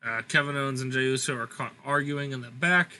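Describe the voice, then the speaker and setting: A man's voice: mid-range voice, quick pace, crowd noise, poor audio. A young man casually reading out match results from a game, plain with dry asides. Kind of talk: casual gaming commentary.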